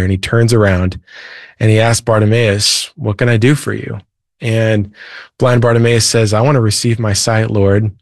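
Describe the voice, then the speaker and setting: A man's voice: on the low side, dry recording, clean studio sound. A man in his thirties, a Christian author and preacher, retelling a Bible story earnestly as a guest. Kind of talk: earnest faith talk.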